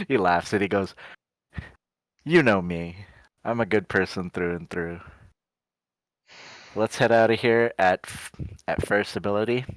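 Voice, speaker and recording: A man's voice: fairly low pitch, no echo. A man playing a tabletop game, narrating his character's actions and then speaking his lines. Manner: unhurried, sets up each line with "he goes". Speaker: player voicing his character Gadri.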